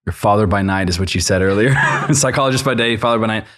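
A male podcast host with a fairly low voice leads a relaxed conversation. He sounds upbeat and friendly, and he fills his questions with casual "like"s. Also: fast talker, slight background noise.

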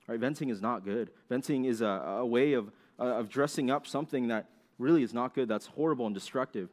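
A young man preaches in a relaxed, conversational way and keeps asking his listeners questions. Now and then he slips into quick complaining voices to act out everyday moments. His voice sits at a middle pitch. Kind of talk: sermon.

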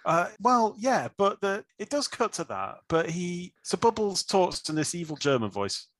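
A man's voice: high-pitched, very animated, normal speed, fairly bright tone. A man co-hosting a podcast, chatting casually about a film, joking and swearing. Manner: swears and jokes. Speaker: podcast co-host. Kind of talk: casual chat reviewing a film.

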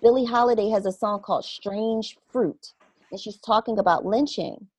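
Woman, mid-pitched, earnest and animated storyteller, close dry recording. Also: moderate pace, husky, dry recording. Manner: animated, acts out her own inner reactions; earnest and reflective. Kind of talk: casual conversational storytelling.

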